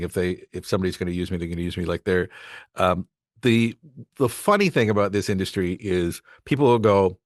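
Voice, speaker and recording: Talking fast in a low voice, a voice actor guest on a casual podcast tells meandering anecdotes about his work, restarting and acting out quotes. The audio is dry and studio quality.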